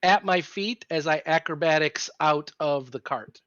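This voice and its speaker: Jokey hesitant player, dull lo-fi sound. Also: male voice, fairly high pitch, measured pace, a bit bright. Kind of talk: casual tabletop play.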